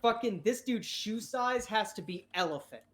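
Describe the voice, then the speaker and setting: A woman's voice: fairly high pitch, lively intonation, moderate pace, a bit bright. A woman narrating a tabletop game as game master, chatty and rambling, swearing casually.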